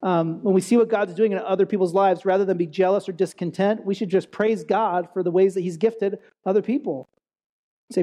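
Preacher, conversational sermon, mellow tone, casual, keeps asking "right?", acts out quotes. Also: medium pitch, brisk. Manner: animated, acts out quoted speech. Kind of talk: conversational sermon on a Bible passage.

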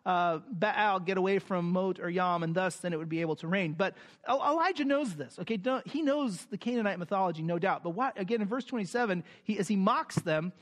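High-voiced man preaching a verse-by-verse sermon. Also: fairly quick, few pauses. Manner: explains scripture with fillers, reads verses with rising emphasis. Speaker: pastor.

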